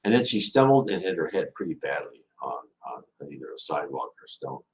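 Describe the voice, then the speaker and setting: With a rumbling low voice, a very animated man answers viewer questions as a Q&A host, talking fairly quickly. His casual stories ramble with many restarts and acted-out quotes, and the recording is rough.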